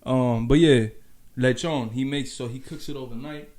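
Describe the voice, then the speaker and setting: A man's voice: medium pitch, fairly even intonation, moderate pace, a little mellow. Laid-back man. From the Bronx, New York. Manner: laid-back, laughing and profane. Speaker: rapper guest. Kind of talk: casual chat.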